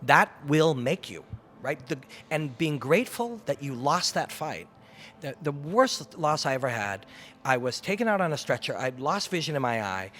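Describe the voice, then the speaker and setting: Man from Canada, fairly high voice, intense and reflective, swears freely, candid interview storytelling. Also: very animated, moderate pace, fairly bright tone. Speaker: MMA commentator and former fighter, interview guest.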